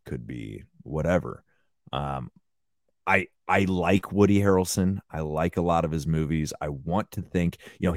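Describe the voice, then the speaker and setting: A man hosting a casual podcast panel discussion, musing and hedging, trailing off softly at the ends of his thoughts. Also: low-pitched, no echo, clean studio sound. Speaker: podcast host.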